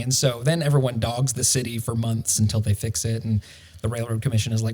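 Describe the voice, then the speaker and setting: A man's voice: mid-range voice, steady tone, fairly quick. A man, a realtor guest on a podcast, talking in a wry, storytelling way with dry humor. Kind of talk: casual podcast chat.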